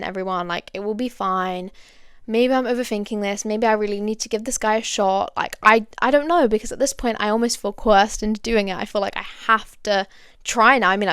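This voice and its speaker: A young woman tells a personal story on her podcast, confiding and chatty, full of fillers and asides to her listeners. Her voice is smooth yet gravelly with vocal fry. She is recorded dry and close on the mic. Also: medium pitch, fairly bright tone, no room sound. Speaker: podcast host.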